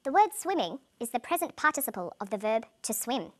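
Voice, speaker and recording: A woman with a fairly high, sing-song voice presents a scripted English lesson as the teacher. She speaks in a clear, measured way, carefully enunciating each word for learners.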